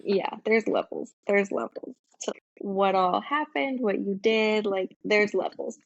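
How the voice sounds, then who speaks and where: A woman in her twenties co-hosts a podcast, laid-back and a little hedging as she weighs things up. Her voice carries a gravelly fry, and the dull, dry, lo-fi recording has no room sound. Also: medium pitch, unhurried, dry recording. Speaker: podcast co-host. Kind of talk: casual rant chat.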